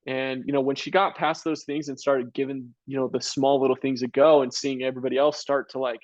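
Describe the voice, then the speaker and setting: A man's voice: mid-range voice, level tone, a little fast, no room sound, highs cut off. A man around thirty, a college track coach, answering interview questions casually and earnestly, with many "you know" and "like" fillers. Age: about 30.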